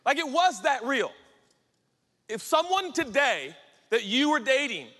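A man in his forties preaching a sermon in an animated, jokey, conversational way. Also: extremely high pitch, unhurried. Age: 40s. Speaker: pastor. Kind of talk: humorous sermon storytelling. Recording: echoey hall with faint ambience.

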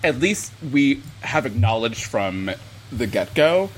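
A young man co-hosting a podcast, chatting casually and telling stories in a chatty, animated way. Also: medium pitch, slow pace, a little hiss or hum, rough recording. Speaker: podcast co-host. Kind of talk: casual chat.

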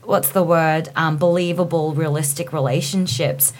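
A woman's voice: sits low, steady tone, normal speed, a little mellow. A woman speaking on a panel, thinking aloud and searching for words as she goes. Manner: thoughtful, searching for words with fillers. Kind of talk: casual panel chat.

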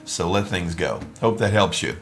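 A man co-hosting a relaxed talk on relationships, who laughs often and gets animated when he retells a quarrel. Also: deep voice, normal speed, gravelly, faint music behind. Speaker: ministry co-host. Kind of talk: casual conversation about marriage.

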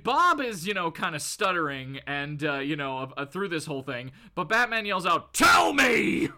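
A man's voice: fairly high pitch, sing-song, normal speed, sharp tone, raised voice. A man co-hosting a casual podcast, animatedly retelling a comic and laughing often. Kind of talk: casual chat.

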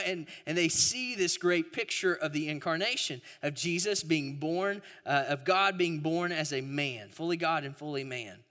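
A man, preaching a sermon in a relaxed storytelling way, with frequent restarts. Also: a little high, moderate pace. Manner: storytelling, conversational, with repeated restarts. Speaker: pastor. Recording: hall reverb.

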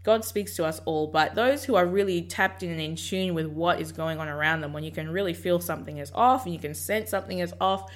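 A woman hosting a podcast gives a casual, reflective talk encouraging faith, playing out her inner dialogue as she goes. Her voice sits on the low side, and she speaks briskly with few pauses.

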